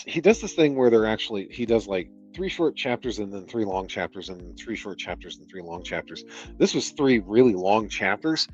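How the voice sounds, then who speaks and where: An exasperated man reading a novel aloud on a stream, pausing for sardonic, profane rants about the book. His voice sits low, and the audio is dull and lo-fi with faint music underneath. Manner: exasperated, sardonic, swears freely. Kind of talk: book reading with casual commentary.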